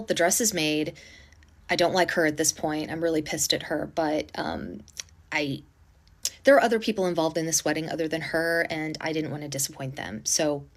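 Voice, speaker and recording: A woman with a slightly low voice recounts a storytime from home. She tells it in a casual, indignant way, acting out the others' lines in an animated manner. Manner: animated, indignant retelling with acted-out quotes; speaking quietly to avoid disturbing a neighbor.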